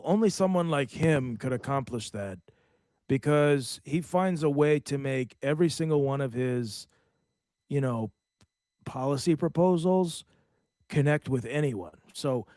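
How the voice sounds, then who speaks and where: A man hosting a podcast, giving blunt, profane, animated reaction commentary. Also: medium pitch, dry recording, studio quality. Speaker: podcast host.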